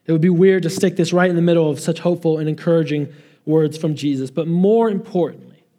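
A man preaching a sermon, earnest and emphatic, slowing down to stress key phrases. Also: on the high side, mellow. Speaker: pastor.

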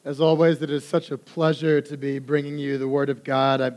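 Young guy preaching, hoarse groggy voice, chatty friendly sermon, medium pitch. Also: level tone, fairly quick, darkish tone. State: hoarse from laryngitis. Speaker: pastoral assistant.

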